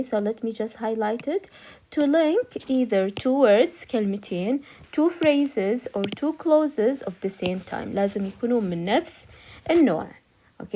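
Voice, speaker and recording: A woman with a fairly high, warm voice teaches English grammar. An Arabic speaker, she explains patiently and repeats every point in both English and Arabic as the lesson switches between the two languages.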